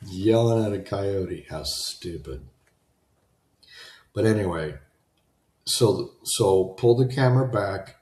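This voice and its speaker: A man's voice: low voice, animated, slow pace, pauses often, a little mellow, echoey room. A man giving an unscripted motivational talk, rambling and conversational, often restarting his sentences. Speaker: self-help talk host.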